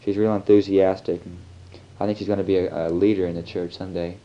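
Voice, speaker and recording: A man's voice: deep voice, level tone, quick pace, mellow. A young American man, a missionary, rambling easily through a spoken audio letter on an old home tape. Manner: easygoing, rambling, chatty. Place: missionaries' flat. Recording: lo-fi home tape with faint hiss.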